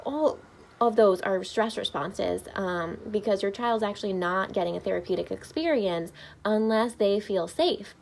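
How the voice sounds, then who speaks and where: A woman's voice: medium pitch, normal speed, creaky, slight background noise. A woman family therapist, speaking upbeat and informally to parents, with frequent "um" fillers. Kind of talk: informational talk to camera.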